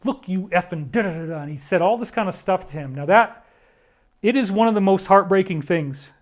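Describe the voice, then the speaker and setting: A man's voice: sits high, expressive, moderate pace. A man talking through a series of photos in an earnest, emphatic monologue, often addressing listeners directly. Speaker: commentator.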